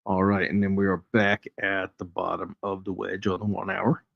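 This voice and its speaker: A man's voice: deep voice, level tone, moderate pace, gravelly, dry recording. A man hosting a casual live trading stream, chatty and jokey, chuckling as he reads charts aloud. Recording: dry, dull lo-fi stream audio.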